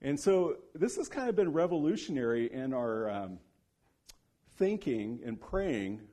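A man preaching a sermon, telling a story with lively acted-out quotes and dropping to a hushed low voice on solemn points. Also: a little slow. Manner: animated storyteller who acts out quoted speech.

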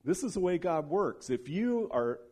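A man preaching a sermon, telling a story with lively acted-out quotes and dropping to a hushed low voice on solemn points. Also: normal speed. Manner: animated storyteller who acts out quoted speech.

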